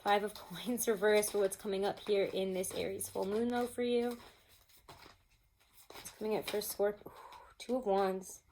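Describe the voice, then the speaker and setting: A woman talks through a tarot reading in a loose, chatty way, laughing often and breaking into mock-exasperated outbursts. Her voice sits at an ordinary middle pitch. A faint hiss runs under the recording. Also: darkish tone. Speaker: tarot reader. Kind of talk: casual tarot reading to camera.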